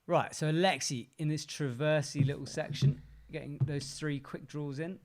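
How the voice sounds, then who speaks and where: A man's voice: a little high, steady tone, a little mellow. An English man co-hosting a live watch-along, commenting casually on a climbing competition with jokey asides. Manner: chatty, jokey, quick asides and laughs. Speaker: co-host reacting to a climbing event.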